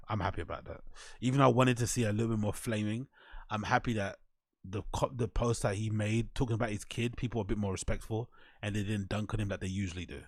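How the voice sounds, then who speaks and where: A man's voice: fairly low pitch, dry recording, studio quality. A man hosting his own show, giving casual, mocking commentary on online posts, swearing freely and often breaking into laughter. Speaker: show host.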